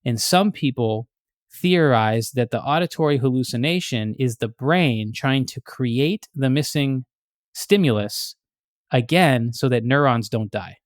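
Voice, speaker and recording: A male podcast host explains ideas step by step in a relaxed chat, restarting sentences as he thinks. His middle-pitched voice is a little slow, recorded close with a dry, dead sound.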